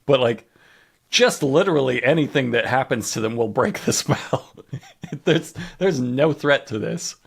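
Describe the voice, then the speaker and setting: A man co-hosting a comedy podcast at an ordinary pitch, recapping scenes with dry exasperation. He slips into quick acted-out quotes as he goes. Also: lively intonation, creaky, husky. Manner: wry, exasperated, acts out quoted lines. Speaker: podcast co-host. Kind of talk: casual comedic recap chat.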